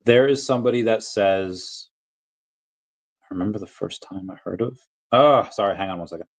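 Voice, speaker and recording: At an ordinary pace and with a lowish voice, a crypto livestream host reads viewer comments in a casual way. He tends to ramble off on tangents and cut himself short.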